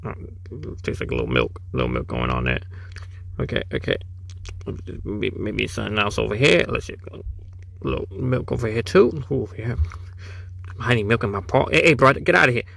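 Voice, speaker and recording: A man's voice: fairly low pitch, big pitch swings, moderate pace, creaky, fairly bright tone, no echo, full character voice. Casting: male voice as a tough little kitten gang boss, drawling slang, dry close mic. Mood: cocky. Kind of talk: comic voiceover of cat videos.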